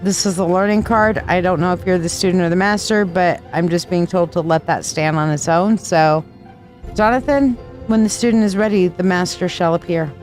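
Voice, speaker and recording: A woman with a fairly low, darkish voice speaks at a normal pace over soft background music. She's hosting a live tarot reading stream, rambling loosely and affectionately and calling her viewers sweetheart.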